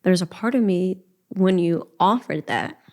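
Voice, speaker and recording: A middle-aged woman shares her story as a podcast guest, earnest and emotional. Her voice sits a little low, and she often slips into quoting her own prayers. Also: measured pace, darkish tone. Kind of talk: personal testimony in a podcast interview.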